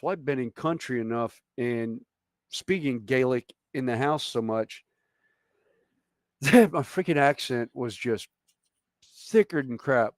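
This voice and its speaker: A man's voice: medium pitch, a little slow, long pauses, no room sound, clean studio sound. A man from the southern United States with a Southern American accent, telling stories in a casual chat on a stream. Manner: storytelling, animated anecdotes.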